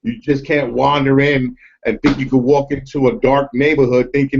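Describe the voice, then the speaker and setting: A man's voice: medium pitch, little pitch movement, moderate pace, gravelly, hardly any pauses, a little mellow, slight background noise. A man from New York talks casually with friends over a call. His voice sits mid-range, and he strings thoughts together loosely, repeating himself and dropping "bro" everywhere. The audio is dull and lo-fi. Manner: loose, repetitive, says "bro" a lot. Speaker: collector on a group video chat. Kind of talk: casual chat.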